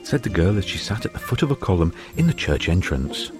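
Deep voiced guy reading a story, really animated, soft music behind. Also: quick pace. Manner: expressive, acts out every character. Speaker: narrator. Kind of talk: storybook narration. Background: faint music.

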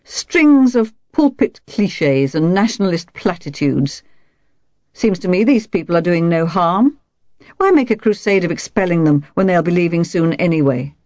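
A woman's voice: on the low side, lively intonation, normal speed, mellow, no room sound, dull audio, natural voice. A woman voicing a sly, malicious old village woman who teases lazily. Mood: mocking. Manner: malicious, lazy teasing.

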